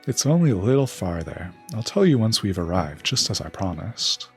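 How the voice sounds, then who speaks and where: A man's voice: low-pitched, sing-song, normal speed, faint music behind. A man reading out a sly, scheming male raven king from a game's dialogue.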